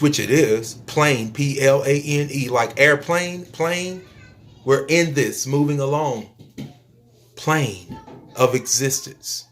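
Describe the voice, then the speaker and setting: A man delivering a spiritual preaching monologue to his viewers, emphatic and repetitive, stretching out phrases and suddenly dropping to a soft near-whisper. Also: medium pitch, slight background noise. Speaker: YouTube speaker.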